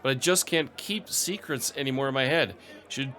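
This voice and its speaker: A man's voice: mid-range voice, moderate pace, sharp tone, lightly acted. A man voicing a nervous female servant who spills secrets in a breathless, pleading way. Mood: anxious gossip.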